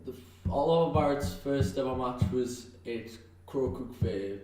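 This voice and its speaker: A man's voice: mid-range voice, unhurried, a little mellow. A male wrestler with a North East English accent, chatting casually on a podcast, rambling with lots of fillers and restarts and laughing often. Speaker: professional wrestler, guest. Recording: echoey, distant mic with faint noise.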